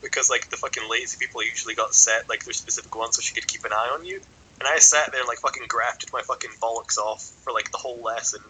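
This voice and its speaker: A man's voice: mid-range voice, fairly even intonation, quick pace, bright, forceful tone, slight background noise, poor audio. Sweary young man telling a story. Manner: sweary, rambling, filler-heavy. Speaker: podcast co-host. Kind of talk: casual podcast storytelling.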